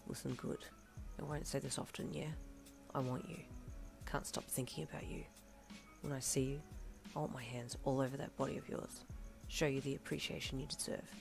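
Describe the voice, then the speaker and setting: A woman voicing a brusque teenage boy with a low, raspy, hushed way of talking. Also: fairly even intonation, normal speed, music in the background. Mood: low gruff. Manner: curt, hushed, half-whispered.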